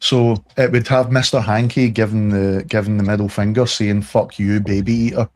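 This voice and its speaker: A man's voice: fairly low pitch, normal speed. A man from Scotland with a Scottish accent, co-hosting a casual podcast chat and telling stories full of swearing. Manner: sweary, animated storytelling. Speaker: podcast co-host.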